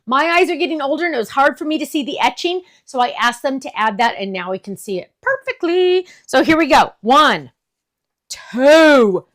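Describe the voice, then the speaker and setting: A middle-aged woman hosts a craft product demo with a slightly high voice. She gushes over each item, bright with enthusiasm as she shows it off. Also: expressive, moderate pace. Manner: gushing, enthusiastic. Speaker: craft shop host.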